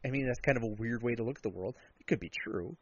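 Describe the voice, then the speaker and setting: A man's voice: medium pitch, fast talker, noisy background. A man co-hosting a podcast in casual chat, talking bluntly and sarcastically in long rambling turns. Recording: dull lo-fi sound.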